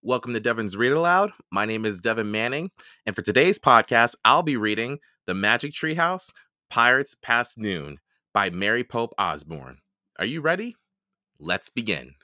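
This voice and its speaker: A man hosting a podcast and reading a children's book aloud with slow, expressive storytelling. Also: medium pitch, no room sound, clean studio sound. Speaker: podcast host and reader.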